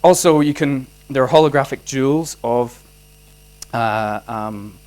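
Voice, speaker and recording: A man with a Northern Irish accent giving a physics lecture and answering student questions, animated, restarting his sentences often with many fillers. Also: medium pitch, slow pace, low-quality recording. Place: lecture hall.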